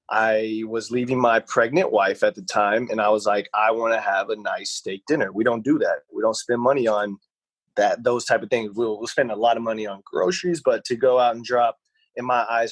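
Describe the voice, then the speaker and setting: A young man co-hosting a podcast, medium-pitched, casually rambles through a personal anecdote while acting out people's quotes with animation. The recording has no echo but sounds rough.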